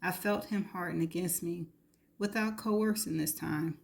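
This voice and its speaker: A woman reading a novel aloud in the first person, steady and intimate. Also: on the low side, measured pace, gravelly. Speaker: reader.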